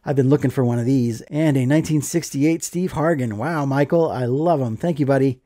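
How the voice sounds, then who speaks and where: A man's voice: mid-range voice, brisk, warm tone, no echo, clean studio sound. A man chatting casually as he opens mail, enthusiastic and joking. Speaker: card collecting vlogger. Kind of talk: casual mail opening chat.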